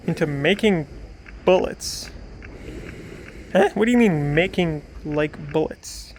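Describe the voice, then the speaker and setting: A young man from Canada chats loosely through a game stream, drifting between remarks to his viewers and half-muttered asides. His voice sits notably high for a man. It is picked up on a headset mic with faint background noise. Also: lively intonation, slow. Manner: rambling, talks to himself and chat, mutters under his breath. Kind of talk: casual gameplay commentary.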